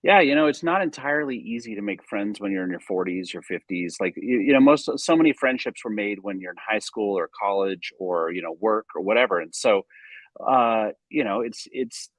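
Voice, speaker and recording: A middle-aged man from the United States, a sports card collector, telling stories in an energetic, enthusiastic way. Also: on the low side, a little fast, no echo, rough recording. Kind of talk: casual storytelling.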